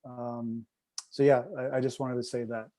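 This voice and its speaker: A man's voice: mid-range voice, flat delivery, moderate pace, mellow, dry recording. A man speaking earnestly as a guest on a video call panel, often repeating words.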